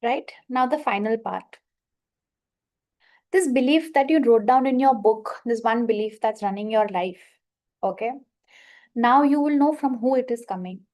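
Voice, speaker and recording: A woman coach leading a guided money affirmation exercise, slowly repeating statements and giving prompts to her listeners. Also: a little high, darkish tone. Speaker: manifestation coach leading a workshop.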